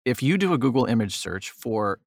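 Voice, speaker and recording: A man with a gravelly, fry-laced voice talks as a guest photographer. He swings his pitch around animatedly while telling stories. The sound is dry and close. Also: fairly quick, dry recording. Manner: animated, acts out quotes. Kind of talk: casual interview talk, storytelling.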